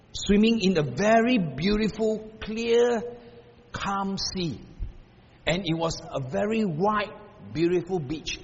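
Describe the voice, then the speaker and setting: An older man preaching a sermon as pastor, shifting from hushed passages to loud, emphatic repeated questions. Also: high voice, slight background noise. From Singapore. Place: church hall. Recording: muffled sound in a reverberant hall.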